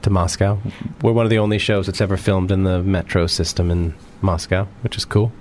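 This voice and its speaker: An American man being interviewed on the radio as an actor guest, relaxed and joking as he talks. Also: deep voice, brisk, a little hiss or hum. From United States. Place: radio studio.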